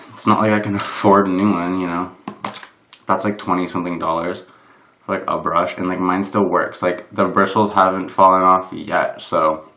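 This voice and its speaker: Speaking in a low, sharp-toned voice, a young man rambles through a casual makeup tutorial in a room at home and makes fun of himself, peppering everything with "like." This vlogger has his camera propped on a box, and the room adds a roomy echo.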